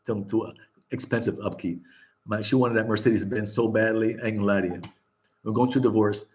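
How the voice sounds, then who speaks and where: A man's voice: fairly low pitch, steady tone, brisk, darkish tone. Older man ranting candidly, laughing. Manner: candid, laughing often, swearing, repeating phrases. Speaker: vlog host. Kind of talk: casual chat.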